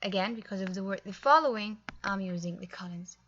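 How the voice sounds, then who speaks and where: A woman with a bright, forward voice walks through a grammar lesson, explaining each point patiently with small fillers along the way. The recording is slightly dull and lo-fi. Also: medium pitch, a little fast, a little hiss or hum. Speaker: English teacher.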